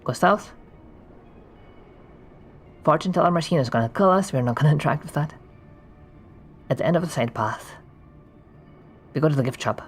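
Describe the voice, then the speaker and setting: A streamer casually narrating a text adventure game, reading the descriptions aloud with quick offhand asides. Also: mid-range voice, lively intonation, breathy edge, soft background music.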